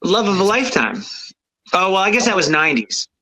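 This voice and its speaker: A man's voice: high voice, sing-song, brisk, crowd noise, low-quality recording. A man from New England, the guest frontman of a rock band, chatting casually and laughing often. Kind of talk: casual chat.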